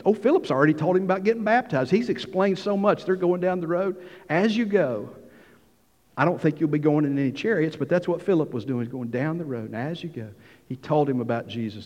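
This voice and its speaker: A middle-aged man preaching a sermon, telling the story lively and acting out the dialogue. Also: mid-range voice. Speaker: pastor. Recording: dull hall sound with long reverb.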